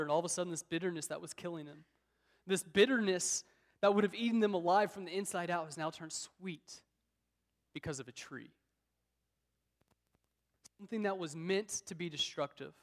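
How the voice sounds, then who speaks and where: A man preaching a sermon, telling Bible stories dramatically and acting out the voices of the people in them. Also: a little high. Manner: dramatic storytelling, acts out biblical speakers. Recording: long hall reverb.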